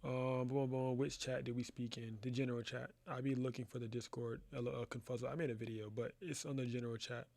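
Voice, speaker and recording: Gravelly, laid-back young man hosting a class. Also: medium pitch, level tone, fairly quick, few pauses, darkish tone, dry recording. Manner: loose, rambling, slangy, says "bro" a lot. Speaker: photography class host. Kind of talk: casual live-stream chat. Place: his photo studio.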